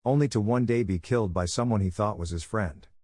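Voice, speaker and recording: A man reads a fan-fiction story in a steady, even storytelling voice. His register is low, and the close, dry recording has no room sound. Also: fairly quick, no echo. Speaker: narrator. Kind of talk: scripted fan-fiction narration.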